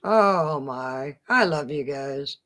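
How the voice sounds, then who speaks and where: A woman's voice: deep voice, animated, takes it slowly, a bit bright. A woman co-hosting a live stream, giggling often and reading viewer comments aloud in casual chat. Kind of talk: casual late-night chat.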